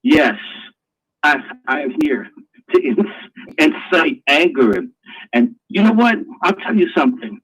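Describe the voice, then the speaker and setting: A man's voice: fairly high pitch, very animated, a little slow, long pauses, a bit bright, slightly rough, poor audio. A man hosting a live online talk show, ranting in a crude, preachy way. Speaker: host.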